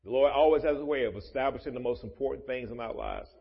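A man preaching a sermon as pastor of his church, with loud rising emphasis and joking asides to the congregation. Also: medium pitch, fast, gravelly. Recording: muffled, echoey church hall.

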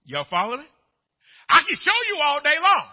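A man preaching a sermon as pastor, telling a folksy story and building up to shouted preaching. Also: very high voice, wildly swooping pitch, moderate pace. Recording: dull lo-fi church recording.

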